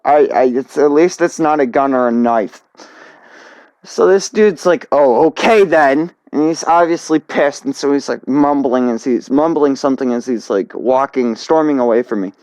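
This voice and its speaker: A young man casually narrating a storytime, halting with many fillers and restarts. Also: mid-range voice, darkish tone, clean tone, no room sound. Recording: dull dry lo-fi recording.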